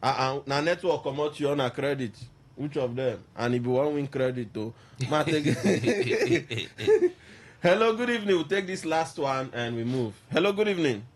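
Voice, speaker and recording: A man hosting a radio phone-in with a Nigerian Pidgin accent, briskly questioning callers and keeping them to time. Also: mid-range voice, lively intonation.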